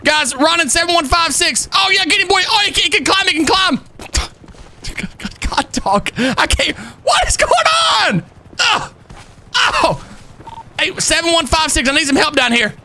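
A man live-streaming a police role-play game, excitable and loud, laughing often and calling everyone brother. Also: extremely high pitch, normal speed, slight background noise. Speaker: streamer playing a police officer.

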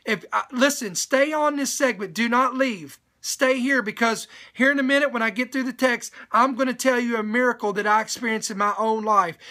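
A man's voice: very high voice, pushed and bright. A man preaching a sermon on a live stream, reading a scripture passage aloud and breaking off often to urge his listeners to stay and pay attention.

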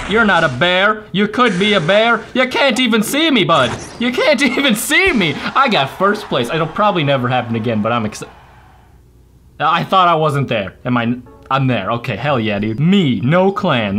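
A young man giving let's play commentary on a racing game, excitable and self-mocking, jumping between yelps and low mutters. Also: slight background noise. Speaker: gaming channel host.

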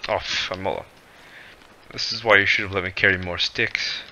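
A gravelly man with a bright, forceful edge to his voice, commentating slowly on a survival game. He is jumpy and easily frightened and keeps talking to himself. Faint mouse and keyboard clicks sound behind him. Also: sits low, fairly even intonation, a little hiss or hum. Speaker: gaming channel creator. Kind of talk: let's play commentary.

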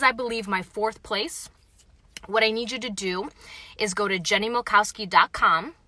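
A woman's voice: mid-range voice, sharp tone, no room sound. A young woman in a parked car, reviewing a taco live on her phone and chatting frankly with viewers between bites. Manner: chatty, frank, reads viewer comments aloud; talks while eating. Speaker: vlogger reviewing tacos. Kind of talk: casual live-stream chat.

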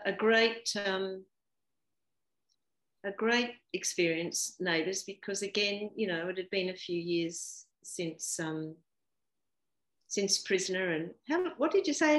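A woman's voice: medium pitch, measured pace. Chatty woman in her sixties, roomy sound. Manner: chatty, laughs often, many fillers and restarts. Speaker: guest actor. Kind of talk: casual interview chat. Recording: roomy echo.

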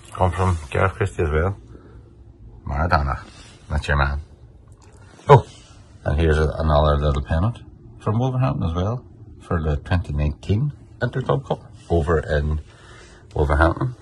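A man's voice: a bass voice, lively intonation, normal speed, long pauses, a little mellow, a little hiss or hum, rough recording. A man with a Derry accent, giving a casual, rambling tour of his table football room, swearing freely. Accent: Northern Irish, Derry. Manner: rambling and offhand, with frequent swearing. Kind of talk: casual walkthrough chat. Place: indoor games room filled with memorabilia.

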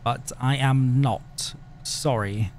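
A man's voice: medium pitch, slow, darkish tone, slight background noise. A man chatting casually with his live viewers, joking and laughing often. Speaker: livestreamer.

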